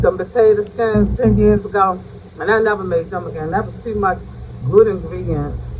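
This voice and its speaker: A woman's voice: mid-range voice, noisy background. A woman hosting a casual cooking vlog, tasting her dish and talking effusively to viewers, with savoring hums between bites. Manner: effusive, calls viewers baby and y'all; savoring mm sounds while eating. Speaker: home cook and channel host.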